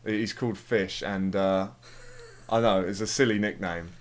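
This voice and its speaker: Young guy, lowish voice, rambles on with swears and ums while playing. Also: steady tone, a little slow. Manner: rambling, sweary storytelling with frequent fillers. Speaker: let's play commentator. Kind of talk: casual chat over gameplay.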